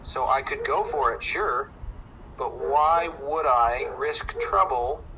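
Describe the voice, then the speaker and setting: A man hosting casual commentary, calmly explaining his shots step by step while he plays. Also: medium pitch, takes it slowly, slight background noise, rough recording. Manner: relaxed, explaining tips step by step. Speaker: host.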